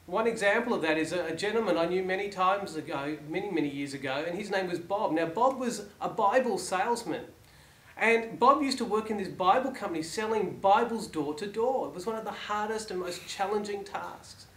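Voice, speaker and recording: High-voiced man giving a motivational talk. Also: brisk. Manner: rhetorical questions, dropping to soft endings. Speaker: motivational speaker. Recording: echoey room, faint background ambience.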